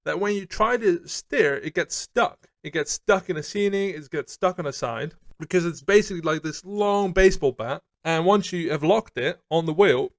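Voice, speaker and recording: A young man with a somewhat high voice tells a personal story in a loose, casual way. He is animated and drops curses freely. He often slips into quoted asides. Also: gravelly. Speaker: storytelling streamer.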